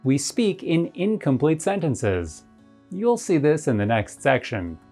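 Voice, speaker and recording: A woman narrating an English lesson. Her voice is low but moves up and down a lot. She explains points clearly and methodically. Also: big pitch swings, unhurried, music in the background. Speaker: English teacher.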